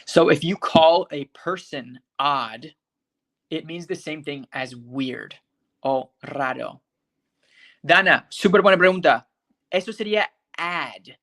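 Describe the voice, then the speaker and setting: An English teacher giving a live online class, saying example words slowly and carefully, calling on students by name and checking often that they follow. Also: medium pitch, a bit bright.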